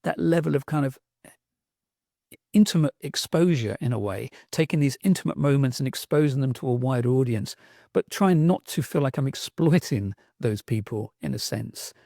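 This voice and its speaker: A man's voice: medium pitch, animated, normal speed, creaky, warm tone, no echo, clean studio sound. A middle-aged man with a South London accent, telling stories with enthusiasm and a reflective manner in a podcast interview. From England. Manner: enthusiastic, reflective storyteller with restarts. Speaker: guest, sound artist.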